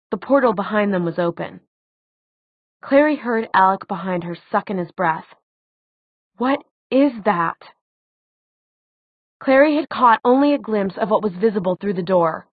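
A woman narrating a fantasy audiobook in a measured, dramatic way. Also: medium pitch, animated, no room sound. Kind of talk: scripted narration. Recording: tinny phone-like dry sound.

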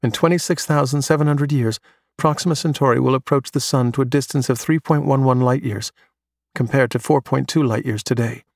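A man voicing a bright young male pupil who recites facts eagerly. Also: medium pitch, fairly even intonation, a little fast, vocal fry, no room sound, clean studio sound. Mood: earnest.

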